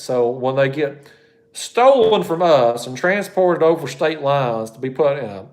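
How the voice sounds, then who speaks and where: A man hosting a fishing channel, answering viewer questions on a live stream in a blunt, folksy, rambling way. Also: fairly high pitch.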